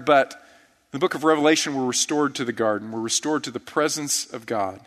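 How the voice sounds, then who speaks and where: A man's voice: mid-range voice, brisk, fairly bright tone. A man preaching an earnest, reverent sermon as pastor. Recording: church sanctuary with long reverb.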